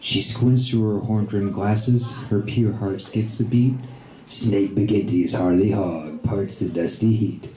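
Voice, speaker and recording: A man's voice: lowish voice, fairly even intonation, slow pace, warm tone. A man at an open mic casually reciting a humorous poem with an amused delivery. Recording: echoey cafe room.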